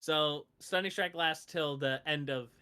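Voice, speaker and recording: Bright-voiced male game master. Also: a little high, a little slow, clear, resonant tone. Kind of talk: narrating a tabletop game.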